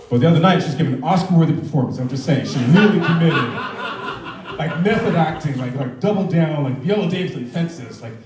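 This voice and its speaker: There's crowd noise as a man in his thirties, medium-pitched with lively intonation, moves briskly through a loose stand-up routine on a club stage. He does voices, the audience laughs, and the recording sounds roomy and far away.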